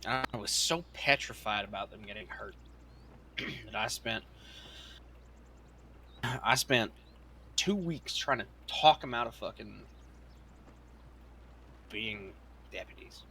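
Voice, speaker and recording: Bright-voiced man telling a rowdy story. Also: on the low side, takes it slowly, vocal fry, pauses often, slight background noise. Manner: profane, animated retelling of events. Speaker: roleplayer in a western game. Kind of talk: in-character storytelling.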